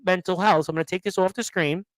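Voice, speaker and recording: A man's voice: sits high, fairly even intonation, fast talker. A man hosting a sports radio show, talking in a rambling, encouraging way and repeating himself. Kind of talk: casual podcast chat.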